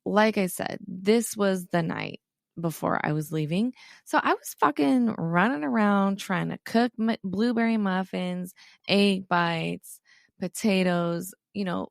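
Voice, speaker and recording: A woman in her thirties tells a personal story on her own podcast, open and confessional, dropping curses and voicing both sides of the argument. Her voice sits a little low, with a gravelly rasp, and the recording is dry and close. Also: no echo. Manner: frank and confessional, swears casually, acts out both sides of an argument. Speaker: podcast host.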